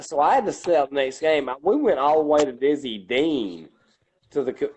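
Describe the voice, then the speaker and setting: A middle-aged man with a Southern accent, co-hosting a casual chat and telling loud, profane stories. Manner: loud, profane storytelling, acting out his own coaching lines in a deep growl. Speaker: co-host.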